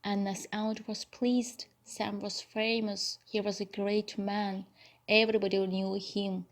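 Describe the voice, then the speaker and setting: A woman narrating a graded reader audiobook in a clear, deliberate manner. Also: mid-range voice, little pitch movement. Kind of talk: slow scripted narration for learners.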